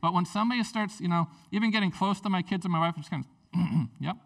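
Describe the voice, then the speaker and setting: A male pastor preaching a sermon in a conversational, animated way, with frequent fillers and restarts. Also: high voice, fast talker, recorded from a distance.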